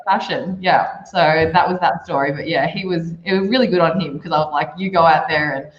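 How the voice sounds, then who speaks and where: A woman, a podcast guest, telling stories in a casual, animated way and acting out the people she quotes. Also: low voice, fairly quick. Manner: animated, quoting people in shifting voices. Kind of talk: casual storytelling. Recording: lo-fi roomy remote audio.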